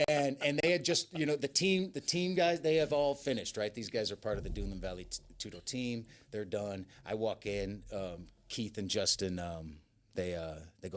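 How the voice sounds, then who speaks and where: Casting: man, lowish voice, animated storyteller who acts out quotes. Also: normal speed. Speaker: guest. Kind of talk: casual storytelling.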